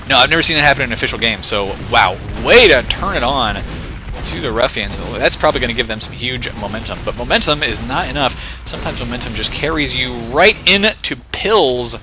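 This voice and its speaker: A man giving live play-by-play commentary on a competitive video game match, excitable and full of joking asides. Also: medium pitch, slight background noise. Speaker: esports shoutcaster.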